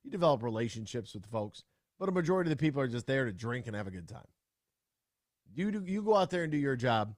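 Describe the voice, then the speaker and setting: A young adult man hosting sports talk radio, talking casually and ranting with sudden loud outbursts. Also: mid-range voice, very animated, fast talker, dry recording, studio quality.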